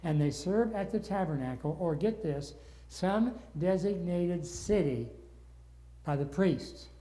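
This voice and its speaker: A man's voice: a little high, dark tone. An older man from the northern United States leading a Bible study lecture. He teaches earnestly and gets wound up as he goes.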